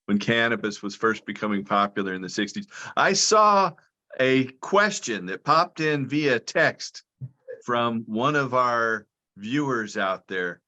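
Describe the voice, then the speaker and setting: A man's voice: medium pitch, expressive, unhurried, pushed and bright, lo-fi sound. A man being interviewed over a video call, explaining things patiently and step by step like a lecturer. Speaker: guest, cannabis and hemp advocate.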